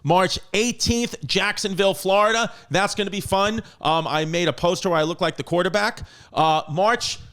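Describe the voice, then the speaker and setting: A man's voice: high-pitched, moderate pace, a bit bright. Joking man hosting a podcast. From United States. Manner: joking, crude, rattles off tour dates. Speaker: podcast host. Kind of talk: casual podcast chat.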